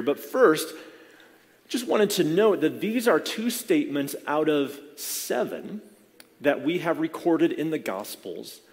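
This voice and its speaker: A man, a pastor, giving a sermon in a conversational, explaining way, often restarting his phrases. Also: on the high side. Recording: long reverb of a large hall.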